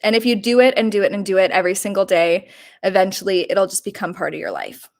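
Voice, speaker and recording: A young woman in her twenties hosting a casual live stream, chatty and quick to laugh, dramatic about small mishaps. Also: mid-range voice, steady tone. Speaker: YouTube livestream host.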